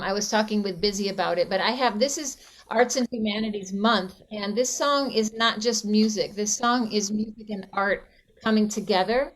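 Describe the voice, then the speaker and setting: A woman guest song leader chatting on a video call, introducing a song with frequent ums. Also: mid-range voice. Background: guitar music.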